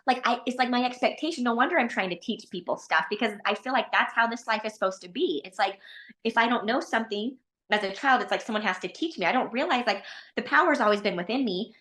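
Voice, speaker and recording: A woman in a coaching session, reflecting out loud on her feelings in a rambling, searching way. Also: on the high side, expressive, fast. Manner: reflective, rambling, thinks aloud with restarts. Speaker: coaching client.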